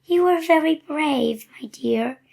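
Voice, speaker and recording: A woman's voice: high voice, slow, creaky, darkish tone, pitched above the performer's own voice, full character voice. A woman voicing a thin, hungry, sly male wolf in a storybook reading.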